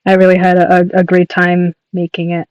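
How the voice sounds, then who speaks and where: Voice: mid-range voice, completely flat delivery, fairly quick, a little mellow, clean tone, no room sound, highs cut off. Rambling young livestreamer, dry close sound. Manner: rambling, with frequent laughter and swearing. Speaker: livestreaming artist. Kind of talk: casual chat while drawing on a livestream.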